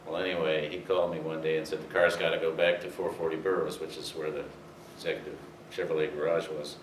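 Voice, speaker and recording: A fast-talking older man with a bass voice and little pitch movement recounts racing history in rambling, filler-laden stories for an audience. The recording sounds distant and roomy, with faint hiss.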